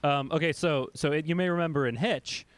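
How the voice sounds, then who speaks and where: A man's voice: on the high side, brisk, dry recording. A man co-hosting a podcast in casual chat, rambling and jokey, with frequent restarts. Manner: rambling, jokey, reads out a mock toast. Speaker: podcast co-host.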